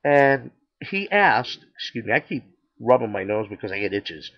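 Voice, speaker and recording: A man's voice: medium pitch, sing-song, moderate pace, gravelly, highs cut off. An older man casually telling his personal faith testimony, chatty and acting out the dialogue with many restarts. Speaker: storyteller sharing his testimony.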